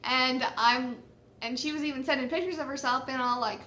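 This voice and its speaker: A woman's voice: high voice, fairly even intonation, a little fast, bright, forceful tone, a little hiss or hum. A woman casually telling a personal story, chatty and swearing freely, laughing at how silly it was.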